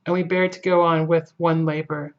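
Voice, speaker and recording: A woman's voice: sits low, flat delivery, normal speed, close to an everyday voice. Van Helsing, a woman reading an old Dutch professor. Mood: earnest, mournful. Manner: earnest, broken English, lyrical monologue. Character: older Dutch male professor, grieving and philosophical. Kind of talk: audiobook reading. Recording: dull lo-fi recording.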